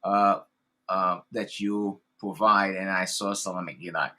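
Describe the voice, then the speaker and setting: A podcast host interviews a guest in a casual chat, praising him effusively and enthusiastically while rambling with many fillers. His voice sits low with a steady, sharp tone and a slightly slow pace.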